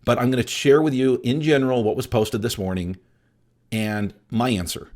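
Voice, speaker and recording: This podcast host and appraisal coach, a middle-aged man, has a mid-range voice with a darkish tone and talks at normal speed. Running his solo show, he's blunt and emphatic, addressing listeners directly.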